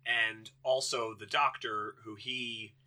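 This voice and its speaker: Bright-voiced joking male podcaster. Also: mid-range voice, fairly even intonation, slow. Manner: rambling, joking, swears casually. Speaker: podcast co-host. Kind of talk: casual chat recapping a film.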